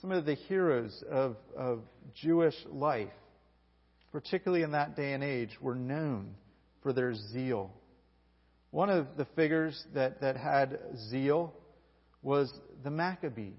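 A man preaching a sermon, telling the story with animated energy and acting out the people he quotes. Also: mid-range voice, measured pace, breathy edge. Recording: dull recording with long hall reverb.

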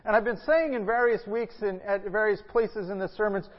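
A man with a fairly high voice preaches with earnest, measured delivery, reading scripture before moving into his sermon. His words ring through a large echoey church hall. The recording is dull and lo-fi. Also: steady tone. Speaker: pastor.

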